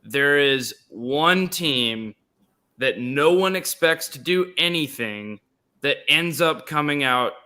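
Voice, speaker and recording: A man's voice: medium pitch, pushed and bright. A young man co-hosting a casual sports podcast, opinionated and emphatic, repeating words for stress. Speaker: podcast co-host.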